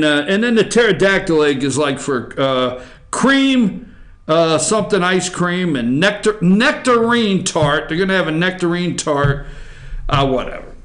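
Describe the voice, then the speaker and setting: A man hosts a casual morning talk show, his voice sitting a little high. He rambles and wisecracks with an irreverent, offhand manner from a studio desk. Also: fairly bright tone, reverberant. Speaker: opinion show host.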